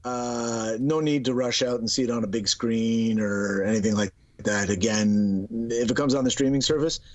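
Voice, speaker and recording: A man's voice: mid-range voice, normal speed. A man co-hosting a podcast, reviewing a film in a rambling, casual way with many restarts. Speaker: podcast co-host. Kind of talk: casual movie review chat.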